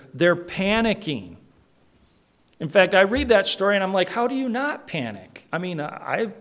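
Slightly high-voiced man preaching a sermon. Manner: conversational preaching with many restarts and asides. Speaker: pastor.

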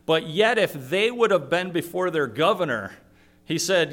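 A man delivers a sermon, teaching through scripture verse by verse. His voice sits a little high for a man. He talks in a conversational way, repeats his words, and slips into the voices he quotes. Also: animated, moderate pace, a bit bright. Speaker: preacher.

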